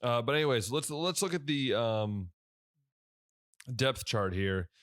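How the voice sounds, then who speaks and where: A man's voice: mid-range voice, lively intonation, measured pace, a bit bright, no room sound, studio quality. A sleepy young man hosting a casual sports podcast on his own, yawning and rambling through his thoughts with lots of fillers and restarts. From Ohio. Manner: rambling, self-correcting, many fillers. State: tired, yawning. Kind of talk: casual solo podcast talk.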